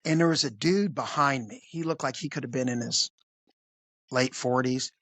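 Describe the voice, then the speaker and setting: A man, a police officer, telling a crude story in an animated, conversational way. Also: mid-range voice, moderate pace, no room sound. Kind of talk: casual storytelling.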